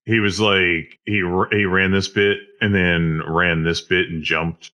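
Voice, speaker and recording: A man with a lowish voice speaks slowly and unhurriedly as a player in a tabletop game. He is laid-back and laughs easily while describing his character. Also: level tone, pushed and bright.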